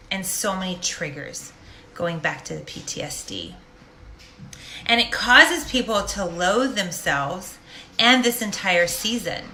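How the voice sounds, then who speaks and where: Bright-voiced woman coaching with faith. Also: medium pitch, a little hiss or hum. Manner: animated, direct and preachy. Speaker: life coach. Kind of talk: casual faith-based monologue. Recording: roomy echo.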